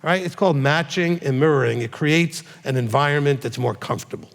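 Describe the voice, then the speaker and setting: A man, a rabbi, answering questions from his congregation in a direct, animated way, often checking in with a quick "okay?". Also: a little high, creaky. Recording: long hall reverb.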